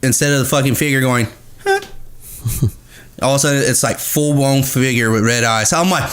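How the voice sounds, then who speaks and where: Guy swearing a ton while telling his ghost story, mid pitch, acts out the drums and gunfire. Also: brisk. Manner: swears constantly, animated, acts out sounds. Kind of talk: casual storytelling.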